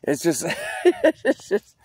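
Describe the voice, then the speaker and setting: A man's voice: sits high, huge pitch swings, drawn-out words, darkish tone, breathy edge. A man rambling outdoors in a park, profane and meandering, trailing off with a rueful tone.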